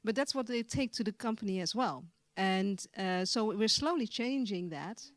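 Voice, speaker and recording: A woman's voice: mid-range voice, lively intonation, normal speed, no echo. Hesitant woman speaking on a panel. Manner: hesitant, many fillers and repeated words. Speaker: conference panelist. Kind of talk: panel discussion. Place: conference stage.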